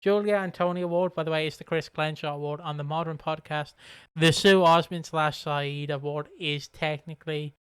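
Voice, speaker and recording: Excitable young british guy rambling on a pod, bit high pitched, really dry sound. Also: moderate pace, clean tone, no echo. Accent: British English. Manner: excitable, laughing, rambling lists. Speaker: podcast co-host. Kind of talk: casual chat.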